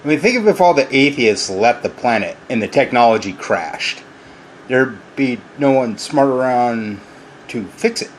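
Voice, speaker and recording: A middle-aged man rants straight at his critics in a mocking, combative tone. His voice sits at an ordinary middle pitch. A faint background hum runs under it. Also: lively intonation, normal speed. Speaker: channel host. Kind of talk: ranting monologue to camera.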